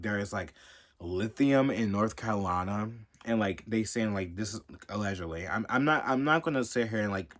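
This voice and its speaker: A man's voice: on the low side, a bit bright. A man ranting angrily and cursing constantly in a casual vlog monologue. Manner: profane, heated, ranting. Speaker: commentator. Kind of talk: angry rant vlog.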